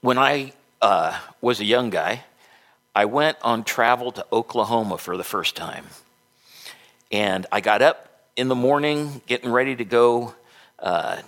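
A man's voice: mid-range voice, a bit bright. A middle-aged man preaching a sermon as a pastor, with folksy, conversational storytelling.

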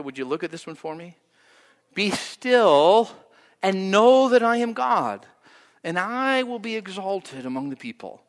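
A man preaching a sermon, animated, acting out the prayers he quotes with rising and falling pitch and loudness. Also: in a large hall. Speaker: pastor.

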